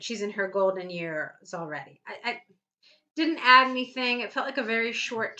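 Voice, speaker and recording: A woman's voice: fairly high pitch, sharp tone, rough recording. A woman correcting a student's essay, patiently explaining each point step by step and reading the student's text aloud. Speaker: English writing tutor.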